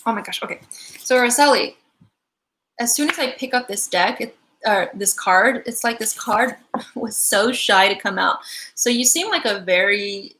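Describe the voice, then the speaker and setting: A woman's voice: fairly high pitch, normal speed, pushed and bright, a little hiss or hum. A woman giving a live-stream angel card reading, chatty and giggly, full of likes and ums.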